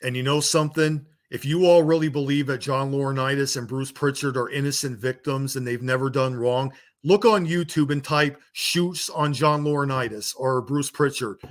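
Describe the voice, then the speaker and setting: A man's voice: medium pitch, steady tone, normal speed, few pauses. A man delivering a heated, blunt rant to his viewers, swearing and scolding them as a wrestling vlogger. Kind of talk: angry rant to camera.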